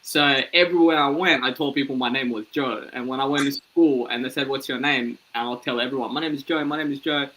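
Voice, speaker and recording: A man in his thirties tells stories from his life in a relaxed interview, slipping into quick impressions of other people as he goes. His voice is bright and forceful, with a middle pitch. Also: a little hiss or hum, rough recording. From Ethiopian, born in Sudan, raised in Australia. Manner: animated, acts out voices in his anecdotes. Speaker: comedian guest. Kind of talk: casual storytelling interview.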